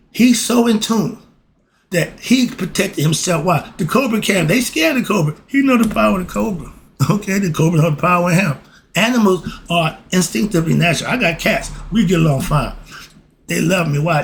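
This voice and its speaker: A man's voice: a little high, slight background noise. Emphatic man teaching with rhetorical questions. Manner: emphatic, asks himself questions and answers them, laughs often. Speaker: spiritual philosophy teacher. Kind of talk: lively solo spiritual lesson.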